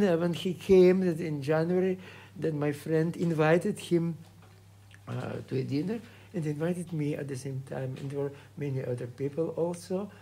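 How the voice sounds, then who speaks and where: A man in his eighties from Russia, speaking English with a Russian accent, recalling his past at home in a halting way full of hesitations. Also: fairly high pitch, gravelly, warm tone. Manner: halting, many hesitations and restarts. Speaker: composer being interviewed. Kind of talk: reminiscing interview.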